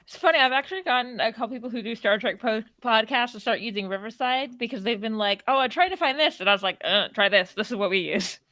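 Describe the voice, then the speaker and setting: A chatty woman with a bright, clear voice talks casually on a podcast livestream. Her recording is dry and close to the mic. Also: a little high, animated, fast talker, hardly any pauses, no echo. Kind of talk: casual chat.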